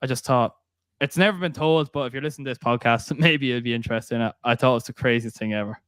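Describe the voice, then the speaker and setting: A young man with an Irish accent hosts a casual podcast, telling stories with easy laughter. His voice is smooth and resonant, recorded close and dry with no room sound. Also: mid-range voice, quick pace, fairly bright tone, no room sound. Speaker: podcast host. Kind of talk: casual podcast chat, storytelling.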